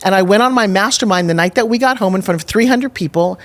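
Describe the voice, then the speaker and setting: A woman's voice: medium pitch, fast. A middle-aged woman as a podcast guest, telling a personal story candidly and with emphasis, acting out her own past thoughts. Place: studio in Nashville.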